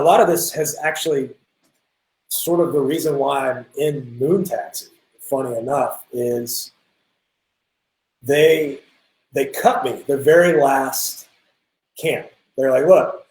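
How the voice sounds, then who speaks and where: A young man telling a drumming story in a casual interview, animated and quick to act out what others said, over a video call. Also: medium pitch. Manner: animated, lots of restarts, quotes people in acted voices. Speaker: guest drummer. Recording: roomy echo.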